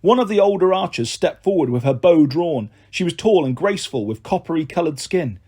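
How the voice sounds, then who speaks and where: Male audiobook narrator, lively pitch, husky tone, slightly high. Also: a little fast. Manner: expressive storytelling.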